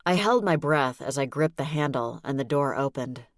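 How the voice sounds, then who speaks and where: A woman narrating a novel in the first person, with a wry, brisk delivery. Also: a bass voice, lively intonation, dry recording, studio quality. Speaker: audiobook narrator.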